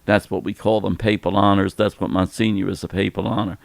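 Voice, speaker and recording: A man in his seventies, a priest, explaining church matters in a gentle, easygoing chat and laughing easily. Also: low-pitched, steady tone, fairly quick, gravelly, dry recording. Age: 70s. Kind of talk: casual Q&A chat.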